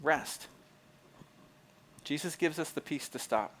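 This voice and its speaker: A man's voice: medium pitch, normal speed, a bit bright, a little hiss or hum. Conversational male pastor preaching a sermon. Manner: conversational, repeats phrases, asks the audience if it makes sense; restarts and stumbles often, fills with "like".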